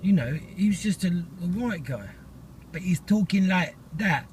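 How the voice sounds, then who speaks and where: A man's voice: high-pitched, expressive, unhurried, a little hiss or hum. A middle-aged man, talking in a casual, rambling vlog monologue full of fillers and restarts.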